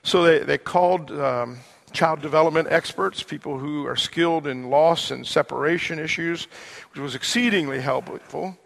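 A man preaching a sermon, earnest and slowing down to stress his key words. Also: on the high side, vocal fry, a bit bright. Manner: earnest, slows down for emphasis. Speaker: pastor.

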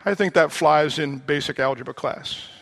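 A man's voice: a little high, moderate pace, gravelly, a bit bright. A man preaching a sermon as a pastor, conversational and wry, dropping humorous asides between serious points.

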